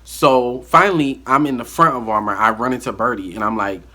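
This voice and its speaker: A man telling a story from his life in a casual vlog monologue, animated and acting out the dialogue. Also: medium pitch, brisk.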